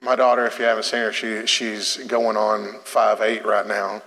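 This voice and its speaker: A middle-aged man preaching a sermon in a church, telling a family story in an animated way before turning to exhortation. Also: moderate pace, long reverb tail. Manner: storytelling, animated, rising pitch in anecdotes. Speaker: pastor.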